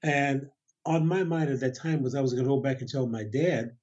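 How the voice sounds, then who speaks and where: An older man, a guest in an interview, telling a long family story with quiet chuckles and quoted voices. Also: medium pitch, fairly even intonation, brisk, highs cut off, background noise. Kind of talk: storytelling in a conversation.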